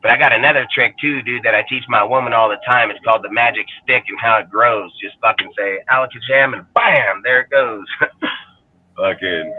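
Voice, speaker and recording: A man's voice: medium pitch, moderate pace, slightly rough. A man ranting heatedly about his football team in profane fan commentary. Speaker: fan show panelist. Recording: phone-like call audio, dry.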